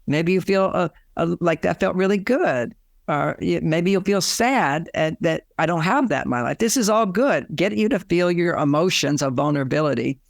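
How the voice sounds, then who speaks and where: A man's voice: a little high, lively intonation, normal speed, creaky, no room sound, clean studio sound. An older man, a relationship author, giving advice in an interview and acting out the lines couples say. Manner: explanatory, acts out quoted lines.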